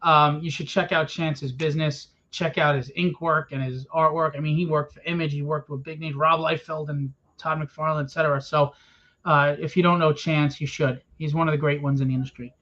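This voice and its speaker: Male publisher with a high voice, swears, rants bluntly at a convention room crowd, muffled recording. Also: flat delivery, brisk, bright, forceful tone. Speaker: comic book publisher. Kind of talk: impassioned rant to a small crowd. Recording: dull lo-fi event recording.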